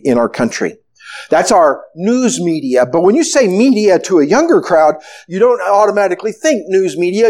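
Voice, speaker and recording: High-voiced man preaching a sermon. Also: darkish tone. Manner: conversational preaching, strings of rhetorical questions. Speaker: pastor.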